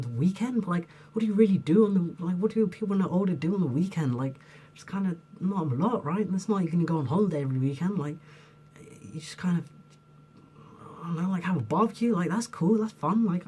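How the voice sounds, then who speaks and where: Husky young man on a rambling rant. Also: sits high, mellow. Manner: rambling, heated, swears a lot, fills with "like". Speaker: vlogger. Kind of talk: unscripted rant to camera.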